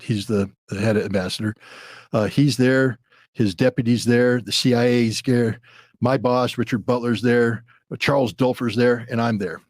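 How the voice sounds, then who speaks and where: A man's voice: lowish voice, a little mellow, no room sound, studio quality. A man in his sixties, a former weapons inspector and podcast guest, telling a story bluntly and acting out the dialogue. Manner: blunt, vivid retelling with dialogue.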